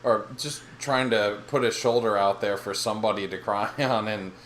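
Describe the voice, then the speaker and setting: A man's voice: fairly low pitch, normal speed, a bit bright, a little hiss or hum. A man co-hosting a podcast, chatting casually about a TV episode, rambling and laughing often as he acts out lines. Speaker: podcast co-host. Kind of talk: casual recap chat.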